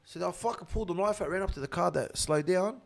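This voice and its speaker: A high-pitched man with an Australian accent, his voice rough and gravelly. He tells his story casually and swears constantly, getting loud and laughing as he goes. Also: fast. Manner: gets loud and laughs while telling. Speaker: interview guest.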